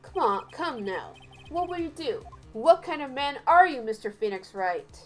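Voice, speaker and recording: A woman putting on a haughty young female prosecutor who sneers and taunts in a high voice. She draws out her words slowly. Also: big pitch swings, a bit bright, soft background music, exaggerated voice. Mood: taunting. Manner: mocking, taunting. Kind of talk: let's play voice reading.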